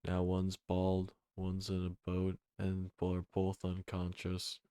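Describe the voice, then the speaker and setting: A man doing a flat, sleepy male bee figure, deep and slow, no acting. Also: smooth, no echo, clean studio sound. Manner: drowsy monotone reading. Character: bee man, chatty and panicky.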